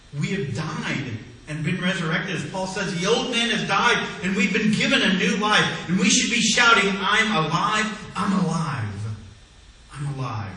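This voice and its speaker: A male pastor preaching a sermon, swinging between loud exclamations and hushed low phrases. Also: slight background noise. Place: church sanctuary. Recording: echoey church hall, mic at a distance.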